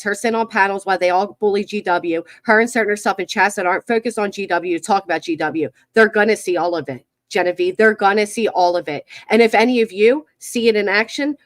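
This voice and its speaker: Sitting at her computer with a computer mic, a commentary channel host livestreams to her viewers and chat, sounding mocking and exasperated. Her voice is mid-range, and the recording is dry with clean, studio-like sound.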